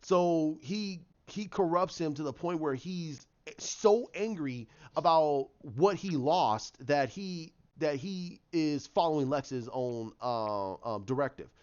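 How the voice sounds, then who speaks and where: A man giving a casual, animated review of a TV episode, ranting, swearing and acting out the characters' lines. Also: on the high side, slow pace, clean tone, muffled recording. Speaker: YouTube show reviewer.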